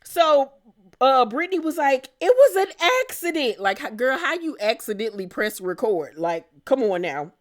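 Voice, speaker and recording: A woman recapping a reality TV episode in casual commentary, sassy and animated, laughing and exclaiming as she goes. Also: fairly high pitch, normal speed.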